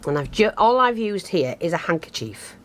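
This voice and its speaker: Her voice fairly low in pitch with big pitch swings, a woman speaks at normal speed through a casual craft tutorial. She chats, jokes at her own expense and thinks aloud while working close to the camera, which is near her hands and catches her breathing.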